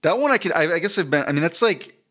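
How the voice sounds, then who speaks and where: A man co-hosting a podcast in casual chat, animated and profane, stumbling over his words and slipping into jokey accents. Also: a little high, fast talker. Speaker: podcast co-host.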